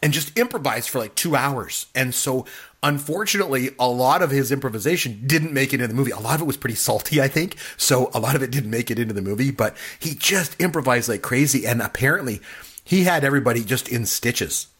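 A man in casual chat about a film, animated and acting out quotes in funny voices. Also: mid-range voice, quick pace, slightly rough. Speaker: podcast co-host.

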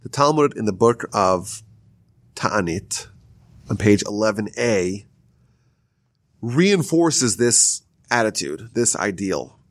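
A man teaching a Talmud lesson, retelling the sages' story in a lively, storytelling way. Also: takes it slowly, long pauses, no room sound. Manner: lively storytelling, rises high when telling the story. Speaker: Torah teacher. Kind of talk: explaining Talmud stories.

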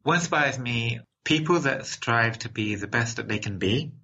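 An upbeat man from England whose accent sits between London and American, answering interview questions with frequent laughs and repeated words. His voice is bright and forceful but a bit husky. The audio is dull and lo-fi. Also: medium pitch, lively intonation, normal speed. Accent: mixed London and American. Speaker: interview guest.

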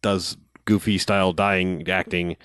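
A man's voice: low voice, little pitch movement, measured pace, fairly bright tone, clean tone, dry recording, clean studio sound. A man in casual podcast chat, rambling through a movie recap and acting out lines in silly voices. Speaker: podcast co-host.

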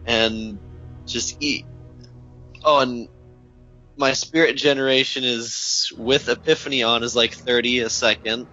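A man with a bright, forward tone talks through his game build in a rambling, self-doubting way. His voice sounds a little dull and lo-fi, with soft music in the background. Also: mid-range voice, fairly even intonation, measured pace, long pauses. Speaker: podcast co-host. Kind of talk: casual gaming chat.

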